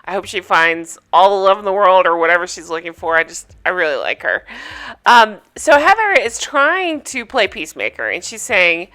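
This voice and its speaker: Bright, chatty woman recapping gossip. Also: medium pitch, very animated, normal speed. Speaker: reality TV recap host. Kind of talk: casual recap vlog.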